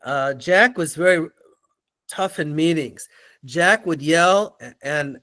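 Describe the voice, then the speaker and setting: An older man, a guest in an interview, telling animated stories and acting out the people in them. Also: fairly high pitch, slow. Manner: animated storyteller, acts out quoted voices. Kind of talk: storytelling in an interview.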